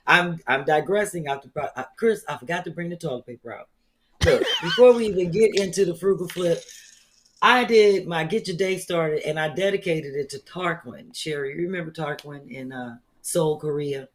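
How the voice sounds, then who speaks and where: A woman's voice: sits low, moderate pace. A woman hosting a comedy talk show in casual chat, telling stories animatedly with casual slang and frequent laughter over a video call.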